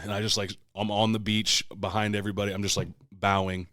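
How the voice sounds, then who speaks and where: A man with a low, deep voice tells a story in casual podcast chat, swearing freely and shouting out the lines he said back then. The sound is dry and close, with no room echo. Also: little pitch movement, brisk, hardly any pauses. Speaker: podcast host.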